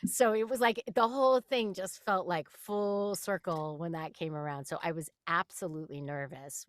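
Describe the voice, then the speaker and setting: A woman voice actress talking casually in an interview, animated and chatty, laughing often. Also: low-pitched, no echo, clean studio sound. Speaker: voice actress guest.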